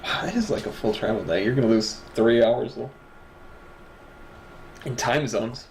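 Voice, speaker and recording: A man's voice: mid-range voice, moderate pace, a little hiss or hum, low-quality recording. A young man co-hosting a stream from a desk at home, chatting casually, joking and laughing often. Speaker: co-host of an awards stream.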